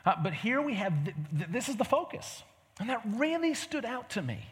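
A man delivers a sermon like he's telling a story to friends, asking question after question. His voice sits high and swings widely in pitch. A long reverb trails behind him as if he's in a big hall. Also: normal speed. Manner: conversational, animated storytelling with rhetorical questions. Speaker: preacher.

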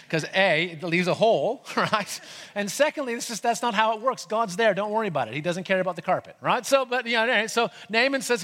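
A man preaching a sermon in a conversational way, retelling with lively asides. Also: high voice, fairly quick. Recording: long hall reverb.

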